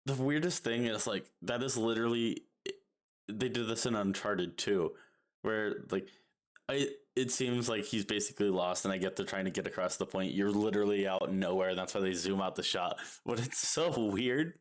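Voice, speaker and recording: A man's voice: fairly low pitch, normal speed. A young man co-hosting a casual podcast chat, laid-back, laughing often and saying "like" a lot. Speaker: podcast co-host.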